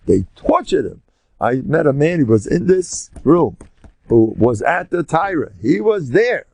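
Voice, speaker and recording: An older rabbi with an American accent delivers a Torah lecture to a room of listeners. His voice is mellow and gravelly, and his pitch swoops widely as he acts out his stories. The sound is dry and close. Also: a little slow, no room sound. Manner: animated storyteller who acts out scenes.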